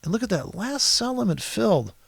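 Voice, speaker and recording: Guy with a raspy kinda high voice ranting over a trading chart, swearing a lot, sarcastic and annoyed, dry close sound. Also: big pitch swings, brisk, dry recording. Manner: profane, exasperated and sarcastic; rambling, with restarts and asides. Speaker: trader walking through a price chart. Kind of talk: screen-recorded chart commentary.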